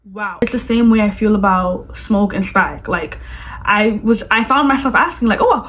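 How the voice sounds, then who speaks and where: A woman vlogger reviewing a movie in casual chat, gushing and animated, with lots of "like". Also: mid-range voice, moderate pace, rough recording. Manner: gushing, animated, fills speech with "like".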